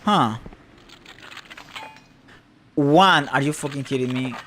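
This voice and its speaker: A man's voice: medium pitch, takes it slowly, a bit bright, a little hiss or hum. A man streaming a game, reading items aloud and muttering casual, sometimes swearing asides.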